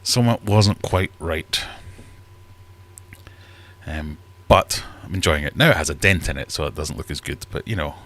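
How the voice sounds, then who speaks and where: Chatty male streamer, deep voice, rambling and self-deprecating. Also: expressive, normal speed, a bit bright. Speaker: livestream host. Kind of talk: casual livestream chat. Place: home fish room.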